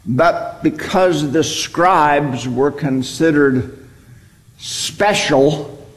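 Male Bible teacher, unhurried and emphatic, echoing hall sound. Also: a little high. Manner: explanatory, repeats key words for emphasis. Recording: long reverb, hall.

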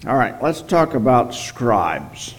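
A man leads a Bible study in an unhurried, deliberate way, pausing often to ask "okay?" His voice sits at an ordinary middle pitch and moves at a slow, steady pace. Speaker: Bible teacher.

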